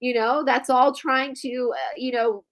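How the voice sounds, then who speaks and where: High-voiced congested woman. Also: unhurried. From United States. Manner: animated, laughing and swearing freely. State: congested, stuffy nose. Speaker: guest. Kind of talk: casual chat.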